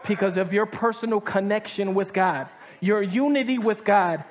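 A man's voice: high-pitched, moderate pace. A male pastor preaching a sermon to a live audience in a casual, slangy way, often checking in with "right?" and restarting sentences. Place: church hall before a live audience.

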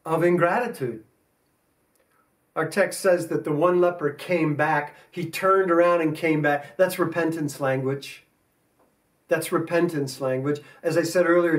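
A man with an American accent preaching a sermon as pastor, earnest, with slow emphatic stresses. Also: on the high side, recorded from a distance. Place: church sanctuary.

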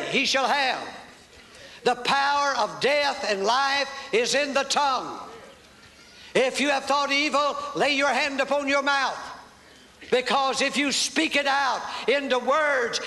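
A man's voice: extremely high pitch, creaky, pushed and bright. A man preaching a fervent sermon as pastor, calling for responses from the congregation. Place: church sanctuary. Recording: reverberant church hall with faint noise.

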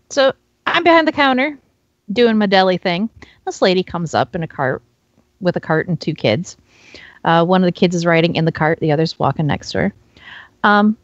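A woman co-hosts a casual podcast, chatty and quick to react, with a lively pitch. She tells everyday stories in a relaxed, conversational way. The sound is dull and lo-fi, with a dry, close mic. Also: dry recording. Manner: chatty, reacts with laughs and exclamations. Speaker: podcast co-host. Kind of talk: casual chat, telling work stories.

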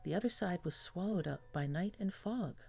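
A woman's voice: fairly low pitch, animated, normal speed, gravelly, darkish tone, faint music behind. A woman reading a first-person horror story as scripted narration.

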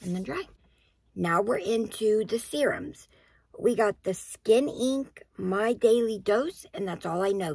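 A woman's voice: mid-range voice, creaky, darkish tone, breathy edge, dry recording. A woman talking casually through her skincare routine, explaining each step as she goes. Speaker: beauty vlogger.

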